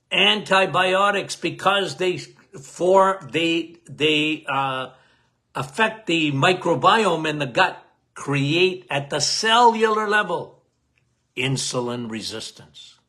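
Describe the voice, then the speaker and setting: A loud, emphatic man hosts a casual health talk, his voice bright and forceful and pitched a bit high. He speaks slowly and drives his points home by repeating them. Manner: loud, emphatic, cannot lower his volume; repeats key phrases, addresses listeners as guys. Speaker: health podcast host.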